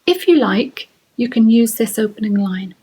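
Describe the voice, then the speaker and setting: A woman's voice: fairly high pitch, expressive, normal speed, warm tone, husky, low-quality recording. A middle-aged Irish woman leading a creative writing lesson for children, asking encouraging questions and reading short poems aloud. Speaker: children's writing workshop presenter.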